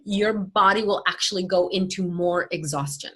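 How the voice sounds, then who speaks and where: A woman's voice: mid-range voice, fairly quick, hardly any pauses, a bit bright, slightly rough. A woman life coach talking in an interview, emphatic and motivational, often acting out quoted voices.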